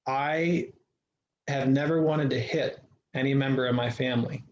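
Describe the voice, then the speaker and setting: A man telling his life story as a guest in an interview, earnest and reflective, often restarting his sentences. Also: on the high side. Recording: echoey room, dull lo-fi sound.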